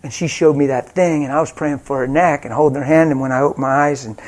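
A man's voice: mid-range voice, steady tone, fast talker. A man preaching a sermon, telling personal stories in a conversational way with frequent laughter, then leading a healing prayer. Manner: conversational storytelling, laughs often.

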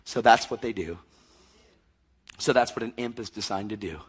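A male preacher delivering a fervent sermon, acting out scenes and swinging between shouting and near-whispers. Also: on the low side, moderate pace, a little hiss or hum.

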